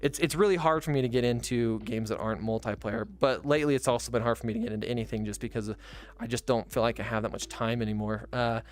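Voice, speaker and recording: A man's voice: mid-range voice, fast talker. Rambling young man telling a story. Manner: rambling, animated, full of fillers and restarts. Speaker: podcast host. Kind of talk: casual storytelling.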